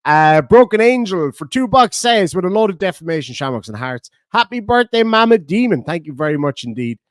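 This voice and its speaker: Animated high-voiced Irish man. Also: fairly quick, no echo, studio quality. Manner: swearing, bantering, laughing often. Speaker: livestreamer reading donations. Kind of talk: casual livestream chat.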